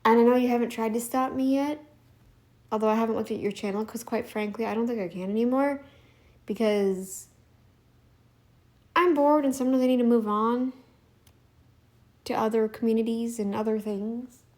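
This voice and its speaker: A woman's voice: a little high, fairly even intonation, moderate pace, pauses often, a little mellow. A woman vlogger ranting in casual commentary, emphatic and defiant, repeating herself for effect.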